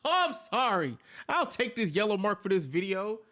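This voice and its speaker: A man's voice: high voice, sing-song, normal speed, bright, forceful tone. A man hosting a reaction video, reacting in casual, profane, exasperated outbursts.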